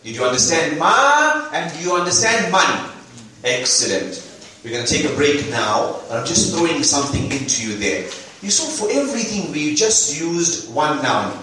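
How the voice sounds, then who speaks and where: A man teaching a class, his voice rising and falling as he quizzes the students with quick questions. He sounds a little higher than most men. The recording is very echoey and picked up from a distance in the classroom. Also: slight background noise. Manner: lively, drilling students with questions. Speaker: Arabic teacher. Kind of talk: classroom lesson. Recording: echoey room from far off.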